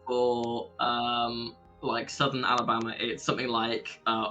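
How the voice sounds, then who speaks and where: A man casually chatting on a podcast, animated, laughing often and trying out accents. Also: mid-range voice, unhurried, muffled recording, faint music behind. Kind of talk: casual chat.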